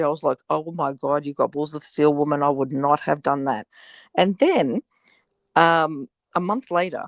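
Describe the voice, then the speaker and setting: A woman's voice: deep voice, gravelly, dry recording. A woman telling a personal story as a guest on a live panel, chatty and full of "you know.".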